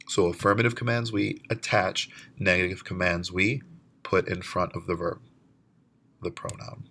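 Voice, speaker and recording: A man teaching a recorded lecture, explaining step by step and slowing down to model words. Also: deep voice, little pitch movement, gravelly, a bit bright.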